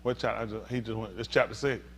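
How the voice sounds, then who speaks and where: A man preaching a sermon as pastor, swinging from hushed talk to shouting. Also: fairly low pitch, level tone, quick pace, a little hiss or hum.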